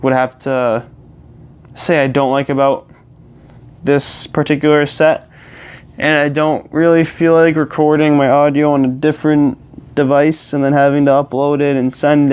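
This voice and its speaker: A young man vlogs casually as he games, chatting to camera and rambling with many fillers and restarts. His voice is mid-range, smooth, and somewhat dark in tone. He's using a clip-on lapel mic plugged into his phone.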